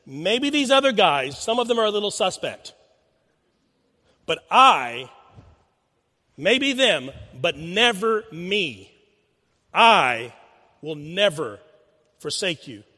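A man's voice: high voice, very animated, slow pace, long pauses, pushed and bright, heavily acted. A man preaching, acting out the words of a proud, bold fisherman apostle with an emphatic voice. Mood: boastful. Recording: long hall reverb.

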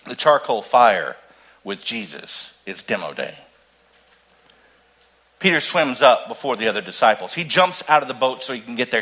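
A man preaching a sermon in an animated storytelling way, with loud emphasis that drops to hushed tones. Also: mid-range voice, low-quality recording. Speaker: pastor.

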